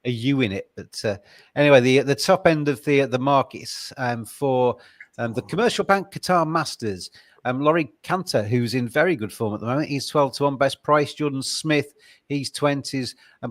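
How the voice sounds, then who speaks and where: Jokey podcast host. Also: male voice, medium pitch, no echo. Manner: jokey, filler-heavy, "um" and "uh". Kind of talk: casual podcast chat.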